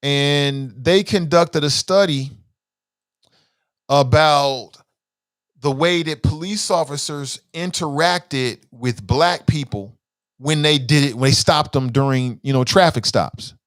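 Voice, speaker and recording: A man's voice: fairly high pitch, slow pace, fairly bright tone, no echo, clean studio sound. A man hosting a casual news commentary show, chatting and asking viewers questions.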